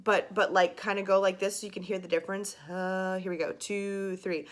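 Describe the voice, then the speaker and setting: A woman's voice: medium pitch, little pitch movement, moderate pace. A young woman giving a casual singing lesson to camera, chatty and full of fillers and asides. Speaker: singing teacher.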